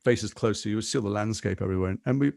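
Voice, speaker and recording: An English man in his fifties, a guest actor in a podcast interview, telling stories quickly with lots of asides. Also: fairly low pitch, gravelly, no echo, studio quality. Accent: English, Liverpool and London mix. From England. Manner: fast, animated storytelling with asides.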